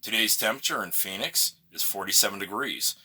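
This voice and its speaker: A smug airline captain, as a man puts him on, crackling over the cabin PA in a slow, drawn-out announcer manner. The voice is low and pitched well below the storyteller's own, with a very bright, sharp edge. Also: slightly rough, heavily acted.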